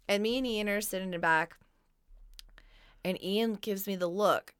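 A woman's voice: medium pitch, clean tone, dry recording, studio quality. A woman co-hosting a podcast, telling a story in blunt, profane, casual chat. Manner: lively, blunt and profane, quick to laugh. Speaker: podcast co-host.

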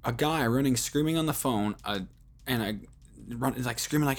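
A man's voice: mid-range voice, normal speed. Profane rambling man telling stories. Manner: rambling, heavy swearing, many fillers. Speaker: podcast host. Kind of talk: casual storytelling monologue.

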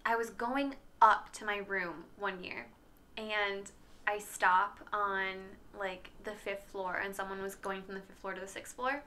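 A young woman co-hosting a podcast, telling an animated story in casual chat full of "like". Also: medium pitch, measured pace, a little hiss or hum. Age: young adult. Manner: animated storyteller, heavy use of "like". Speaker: podcast co-host.

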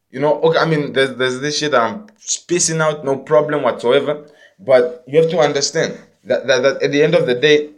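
A man talking through a long monologue, swearing often, restarting words and asking again and again whether the listener understands. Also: on the high side. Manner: profane, keeps asking "you understand me?"; intense, preachy. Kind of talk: rambling spoken monologue.

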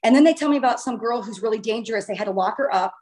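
A woman casually telling a long personal story in a chatty, animated way, with the odd swear word. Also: fairly high pitch, rapid-fire.

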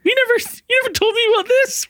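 A man voicing an upset young woman who is incredulous and squeaky. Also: fast, fairly bright tone, no echo, clean studio sound.

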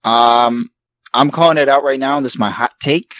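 A man hosting a casual podcast, reading news with an easygoing, hedging manner and quick laughs. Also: mid-range voice, a bit bright, no echo, rough recording. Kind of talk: casual chat.

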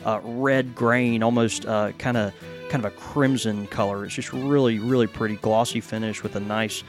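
A man co-hosting a casual podcast chat, relaxed and full of fillers and restarts. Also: on the low side, moderate pace, faint music behind. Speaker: pipe shop co-host.

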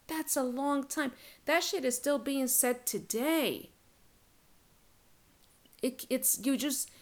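A woman host speaks in a frank, loose podcast monologue. She is outspoken and emphatic and swears freely. Her pitch jumps up sharply when she presses a point and drops low and soft for asides. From Latin American heritage. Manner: blunt, profane, lively and emphatic. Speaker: podcast host, relationship coach. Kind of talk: casual solo podcast monologue.

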